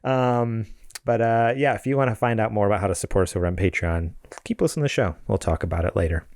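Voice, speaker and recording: A man co-hosting a casual gaming podcast, reading sponsor shout-outs and listener mail. He laughs easily and rambles, with fillers and self-corrections. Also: lowish voice, fast.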